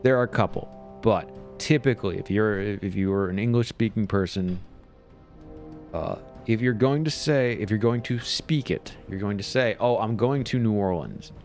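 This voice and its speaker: A man's voice: on the low side, normal speed, a little mellow, soft background music. A man chatting casually while streaming a game, rambling along and chuckling often. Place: home.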